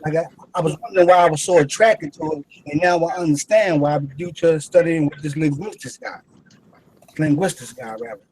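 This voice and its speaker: Man, slightly high voice, relaxed and musing, loose phrasing. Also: a little fast, rough recording. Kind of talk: casual group chat.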